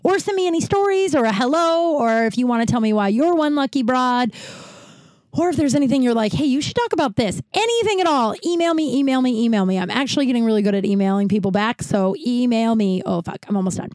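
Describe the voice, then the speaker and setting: A woman's voice: on the high side, lively intonation, fast, darkish tone, dry recording. A woman in her thirties from Colorado hosting a podcast, telling comic stories in a rambling, profane way and laughing often. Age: 30s. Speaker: podcast host. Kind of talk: casual comedic storytelling.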